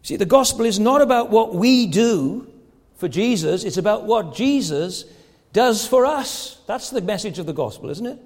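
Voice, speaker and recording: Male pastor, high voice, emphatic sermon delivery with rhetorical questions, church reverb. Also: expressive, moderate pace, darkish tone.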